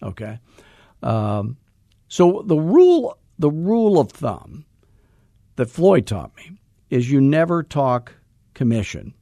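A middle-aged man coaching real estate agents in a salesy, joking, energetic way. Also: mid-range voice, slow pace, pauses often, no echo, clean studio sound. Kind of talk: coaching podcast talk.

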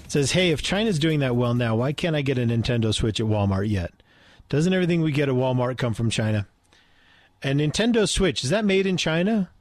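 A man's voice: mid-range voice, animated, fairly quick, dry recording. A man hosting a radio talk show, chatty and joking with his co-host. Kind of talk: casual radio chat.

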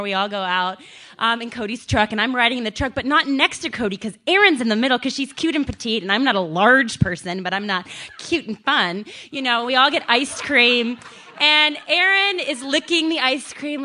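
A woman's voice: fairly high pitch, bright, forceful tone. A young woman telling a funny personal story to an audience, chatty and self-mocking, with many ums and likes.

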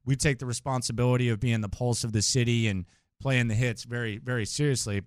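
A man's voice: mid-range voice, fairly even intonation, fast, no room sound, clean studio sound. A man hosting a sports radio show, giving his opinions in a conversational, opinionated way. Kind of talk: casual sports talk.

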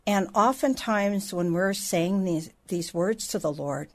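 Woman, middle-aged, Bible teaching, unhurried delivery, chatty asides, podcast. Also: medium pitch. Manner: slow, conversational teaching with restarts and asides.

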